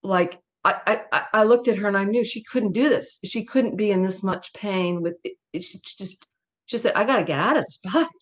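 A woman's voice: mid-range voice, moderate pace. A middle-aged woman speaking as a guest in an interview, telling a personal story in a candid, emphatic way with laughs and asides.

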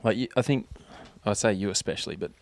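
Man, low voice, joking podcast co-host, dry studio sound. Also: fast talker, vocal fry, dry recording. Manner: relaxed, joking, swearing. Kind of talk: casual chat.

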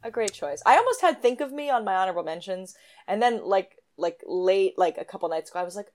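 A woman's voice: lowish voice, expressive, quick pace, a little mellow. A woman co-hosting a podcast, chatting in a wry, hedging way. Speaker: podcast co-host. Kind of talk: casual chat about musicals.

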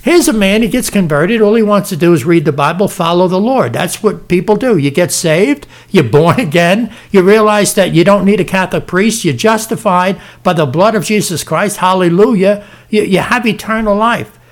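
A male preacher with a notably high-pitched voice delivers an impassioned sermon. He calls out to his listeners directly and stumbles into quick repeated restarts as he drives each point home. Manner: fervent, stumbling restarts, direct address to "folks". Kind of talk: emphatic preaching with read-aloud passages.

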